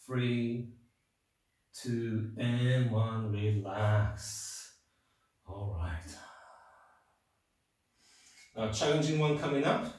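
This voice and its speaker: A male yoga instructor guiding a class, giving calm, steady cues and counting down holds while a little out of breath from demonstrating. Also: mid-range voice. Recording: very echoey room, mic far off.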